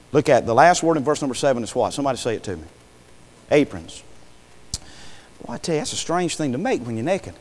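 A man preaches in a folksy manner, peppering his sermon with "Amen" and questions put to the congregation. His voice sits a little high for a man, and a long reverb from a large hall trails behind every phrase. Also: a little mellow.

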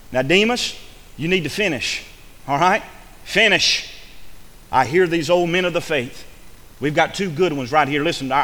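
A man's voice: fairly high pitch, fairly bright tone, big-room sound. A male pastor, preaching a fervent sermon full of repeated phrases and restarts.

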